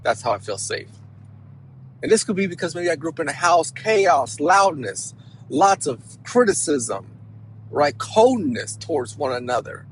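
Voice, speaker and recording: Emphatic man counselor, higher voice. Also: unhurried, slight background noise, poor audio. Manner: emphatic, animated, peppered with "right?". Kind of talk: motivational talk to camera.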